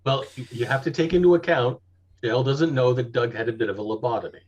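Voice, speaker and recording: A man's voice: mid-range voice, fast talker, a little hiss or hum. A man playing a tabletop game, with dry, teasing remarks. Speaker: player.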